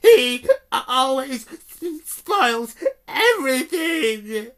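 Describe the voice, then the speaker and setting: A man's voice: sing-song, fairly bright tone, clean tone, full character voice. A man voicing a spoiled young boy who whines with fake sobs. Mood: whining. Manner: fake sobbing, wailing, high and slow. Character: spoiled fat boy, whiny and sly.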